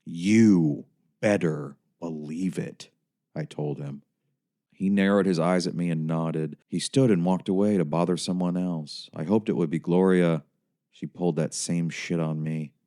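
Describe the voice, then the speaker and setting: A man narrating a first-person audiobook in a wry, bleak, deadpan way. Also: sits low, normal speed.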